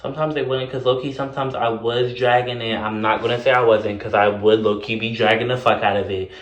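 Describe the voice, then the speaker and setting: A young man casually telling a story in a vlog, animated and sassy, full of fillers and cursing. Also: medium pitch, brisk, roomy sound, a little hiss or hum.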